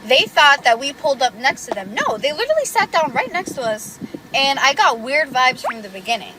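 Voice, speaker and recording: A woman's voice: fairly high pitch, very noisy. A woman in a phone video, defensively retelling an incident she saw in an indignant way. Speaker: woman in a viral clip. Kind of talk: recounting an incident to camera.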